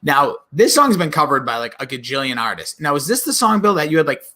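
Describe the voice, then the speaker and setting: A male podcast co-host who rambles through his points in loose, chatty talk and laughs easily. His voice sits a little high and sounds bright and forceful. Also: big pitch swings, quick pace. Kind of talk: casual chat.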